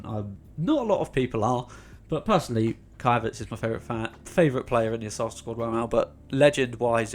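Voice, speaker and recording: A young man from England with a North London accent, hosting a casual Q&A vlog in a chatty, rambling way, full of ums and restarts. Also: medium pitch. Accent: North London English. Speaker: YouTube channel host.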